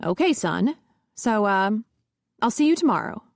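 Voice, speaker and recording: A woman's voice: medium pitch, sing-song, a little slow, no echo, studio quality. A woman voicing a demanding, self-pitying middle-aged mother who is exasperated with her son. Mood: pushy exasperated. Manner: exasperated and pushy.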